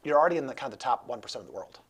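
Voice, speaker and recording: A man hosts a relaxed talk interview in a husky voice. He rambles, restarts his sentences and jokes around as he goes. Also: mid-range voice, rapid-fire. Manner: rambling, jokey, many restarts. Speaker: host. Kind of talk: casual interview chat.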